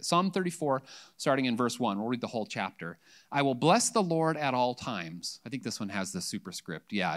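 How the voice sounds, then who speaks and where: A man's voice: mid-range voice, fairly bright tone. A male pastor giving a sermon in church, talking casually and acting out the voices of the psalm writers.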